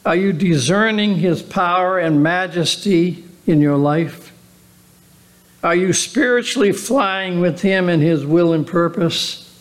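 A man pastor giving an earnest sermon with rhetorical questions. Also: high-pitched. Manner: earnest, slow, drawn-out preaching with rhetorical questions.

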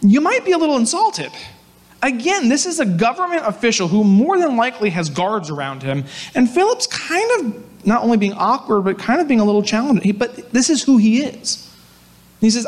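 A man with a fairly high voice gives a sermon. He tells the story in a loose, conversational, animated way and talks straight to his listeners. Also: normal speed. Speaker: pastor.

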